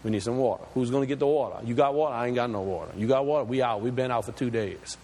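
A male preacher acting out a panicky, thirsty man grumbling in the desert during a sermon, in a lower, quieter voice, with long hall reverb. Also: rapid-fire, lightly acted. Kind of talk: acted-out sermon story.

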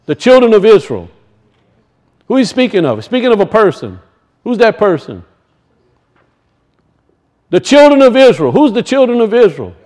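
A man's voice: high voice, sing-song, moderate pace, long pauses, a little mellow. A man teaching from scripture to a congregation, asking questions, answering them himself and repeating key points. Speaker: bible teacher. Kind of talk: teaching sermon.

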